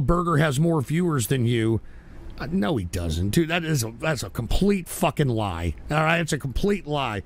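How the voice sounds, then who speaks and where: Combative male livestream host, slightly high voice, lively and profane. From Texas. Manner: profane, combative, shouts at chat. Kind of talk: profane livestream rant reading chat.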